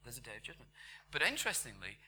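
A man preaching a sermon in church, conversational, dropping to whispers and rising to loud emphatic bursts. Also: mid-range voice, very animated, quick pace, slight background noise.

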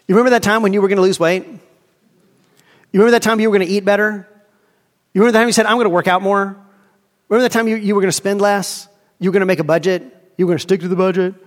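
A man's voice: high-pitched, fairly even intonation, rapid-fire, pauses often, long reverb tail. A man preaching a sermon as a pastor, asking emphatic rhetorical questions and acting out inner dialogue.

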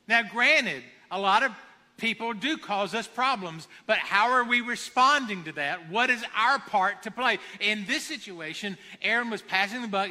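A man's voice: high-pitched, bright, forceful tone, in a large hall. A man preaching a conversational sermon, acting out quoted lines as he goes.

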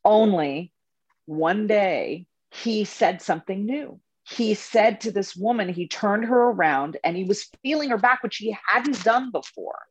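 A woman spiritual coach and tour leader telling stories in a casual interview, animated and laughing often. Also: medium pitch, measured pace, breathy edge, no room sound, low-quality recording.

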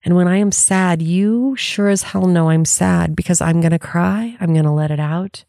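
A woman's voice: on the low side, moderate pace, vocal fry, mellow, no echo, clean studio sound. A woman life coach giving an earnest, candid motivational talk, laughing often and swearing casually.

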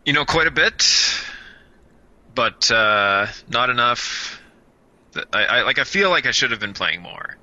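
A man co-hosts a casual podcast in a very bright, forceful voice. His pitch swings widely as he talks. He is playful and laughs often. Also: animated, a little slow, no echo, muffled recording. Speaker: podcast co-host. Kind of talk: casual chat.

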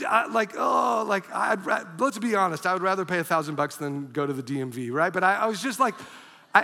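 A male pastor preaching a sermon as an animated storyteller who bursts into shouts. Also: high-pitched, creaky, long reverb tail. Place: church auditorium.

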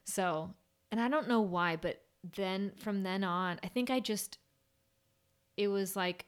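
Candid young woman, low-pitched, rambling. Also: sing-song, a little slow. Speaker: nurse on a burn unit. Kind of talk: casual conversation.

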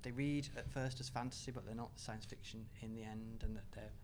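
A man speaking as an author on a live panel discussion, enthusiastic, with quick asides and laughter. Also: on the low side, fairly even intonation, a little mellow, slight background noise.

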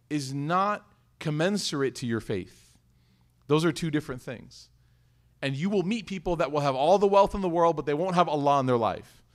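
A man teaching a sermon in a conversational, animated way, telling a personal story and asking rhetorical questions. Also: on the high side. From United States. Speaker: Islamic teacher.

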